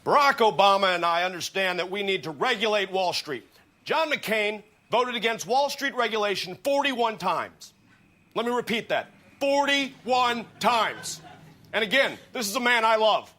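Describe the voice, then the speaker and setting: An actor playing an earnest, rambling older senator with a Pennsylvania accent in a sketch comedy debate parody. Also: male voice, high voice, expressive, moderate pace, bright, forceful tone. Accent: Pennsylvania American. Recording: TV sketch with audience laughter. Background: studio audience laughter.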